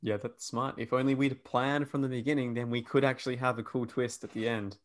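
Man, Australian accent, Perth, podcast host, casual chat, mid pitch, laughs easily. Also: little pitch movement, a little fast. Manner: easygoing, laughs often, wraps up with summaries.

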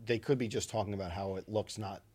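A man's voice: on the low side, steady tone, fast, a little mellow, slightly rough. A man co-hosting a podcast in casual chat, teasing the others and joking around. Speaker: podcast co-host.

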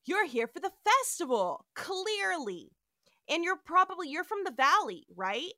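A man's voice: extremely high pitch, big pitch swings, a little slow, sharp tone, dry recording, clean studio sound, voice pushed up, heavily acted. A woman doing a pushy, eager townsman.

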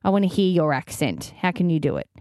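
A woman's voice: lowish voice, big pitch swings, fast talker, mellow, no room sound. A woman from Australia co-hosting a radio show, chatty and teasing, laughing often, on a studio mic. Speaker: radio co-host. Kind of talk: casual radio banter. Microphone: studio microphone.

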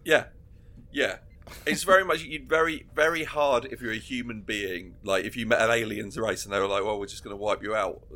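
A man's voice: on the low side, a little fast, pushed and bright. A man co-hosting a casual podcast chat, laughing often and acting out scenes as he retells them. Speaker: podcast co-host.

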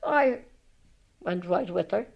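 An older woman with an Irish accent tells stories from her life in a rambling, lively way, full of restarts and retold conversations. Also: lowish voice, unhurried, gravelly, muffled recording. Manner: rambling, lively, retells past talk with many restarts. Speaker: storyteller recalling her life. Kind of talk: spoken memoir, reminiscing.

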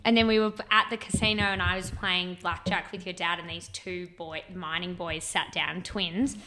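A young Australian woman co-hosting a podcast, telling stories in animated casual chat and swearing freely. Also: on the low side, moderate pace. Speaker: podcast co-host. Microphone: shared mic.

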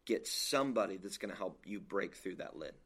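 A man's voice: low voice, lively intonation, brisk, a bit bright, breathy edge. A man who works as a leadership coach, talking emphatically and motivationally in a casual podcast chat.

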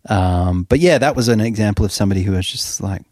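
A man's voice: on the low side, fast talker, darkish tone, no room sound, studio quality. A man from Australia, co-hosting a podcast and telling anecdotes in a chatty, self-interrupting way. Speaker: podcast co-host. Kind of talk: casual chat.

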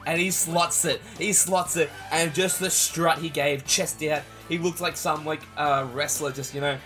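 A young Australian man co-hosting a podcast, telling a story in an excitable, sweary way. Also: a little high, normal speed, soft background music. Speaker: podcast co-host. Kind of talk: casual chat.

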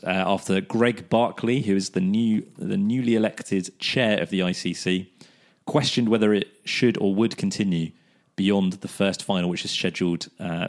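A man with a fairly low voice chats wryly on a casual sports podcast. He laughs easily and pads his thoughts with ums. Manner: chatty, wry, laughs often, thinks aloud with fillers. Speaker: podcast co-host. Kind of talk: casual cricket podcast chat.

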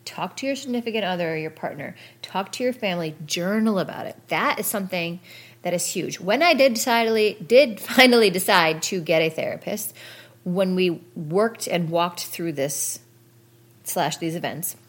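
A woman's voice: lowish voice, moderate pace. A woman hosting a podcast, speaking frankly in a casual monologue that addresses her listeners directly. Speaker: podcast host. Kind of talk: candid personal podcast monologue.

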